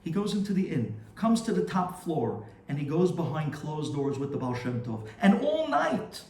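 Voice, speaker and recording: Dramatic storytelling rabbi, echoey room. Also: male voice, fairly high pitch, big pitch swings, normal speed, darkish tone, distant mic, a little hiss or hum. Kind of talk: storytelling sermon. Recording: roomy echo, faint ambience.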